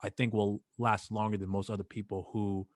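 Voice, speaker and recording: A man hosting a podcast in casual chat, talking haltingly with many fillers and restarts. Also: fairly low pitch, level tone, no room sound, clean studio sound. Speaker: podcast host.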